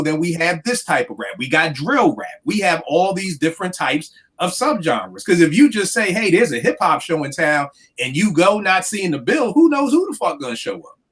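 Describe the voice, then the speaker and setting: A man in his forties, a podcast host, ranting in animated, profane casual chat. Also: fairly high pitch. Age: 40s.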